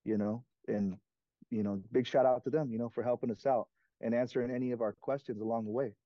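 A man talks in a relaxed, unhurried way as a guest in a casual interview, leaning on filler phrases as he goes. The sound is a little dull and lo-fi, with a dry, close feel. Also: medium pitch, dry recording. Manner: laid-back, leans on "you know" constantly. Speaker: comic co-creator, guest.

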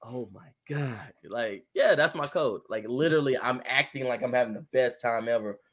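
A young man telling a story in casual chat, animated and laughing often as he acts out his own phone calls. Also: medium pitch, moderate pace.

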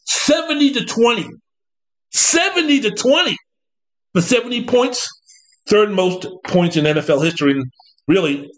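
Animated high-voiced man talking sports. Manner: rambling, animated, jumps into mocking coach impressions. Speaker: podcast host. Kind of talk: casual sports talk monologue.

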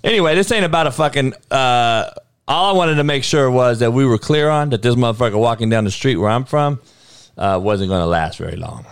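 A man hosting a livestream, swearing freely and throwing rhetorical questions at his chat, with a lot of stammered restarts. His voice is smooth and clear, at an ordinary pitch. It sounds dry and close, with no room echo. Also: brisk. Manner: heated, profane, rhetorical questioning; frequent restarts and stammered repeats. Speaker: livestream host. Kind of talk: casual livestream talk answering chat.

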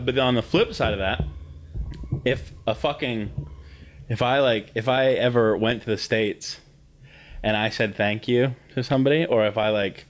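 A young Canadian man co-hosting a podcast, chatting casually, swearing a lot as he rants and laughs. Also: mid-range voice. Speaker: podcast co-host. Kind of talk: casual chat.

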